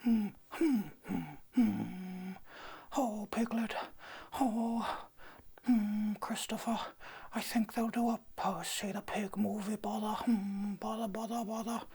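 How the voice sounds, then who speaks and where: A man doing a comedic impression of Winnie the Pooh, a dreamy, muddled bear, in a soft, breathy, half-whispered murmur. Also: high voice, steady tone, slow, long pauses, voice pushed up, exaggerated voice.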